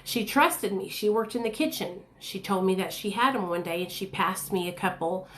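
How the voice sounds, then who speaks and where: A woman's voice: mid-range voice, moderate pace, a little hiss or hum. Candid woman telling her story, echoey room. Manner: candid, blunt and chatty, addresses viewers directly. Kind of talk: casual storytelling to camera.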